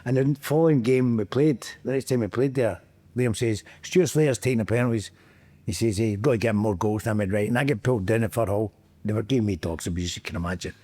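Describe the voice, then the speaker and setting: A man's voice: on the low side, fast, mellow. A middle-aged man with a Scottish accent, a podcast guest telling football anecdotes in casual chat, acting out quotes and laughing often.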